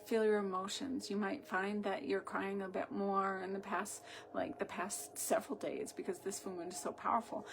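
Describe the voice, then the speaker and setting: A woman's voice: mid-range voice, gravelly. A woman with a Boston accent, a sound healer talking casually and chattily on a home livestream, rambling loosely and often asking "right?".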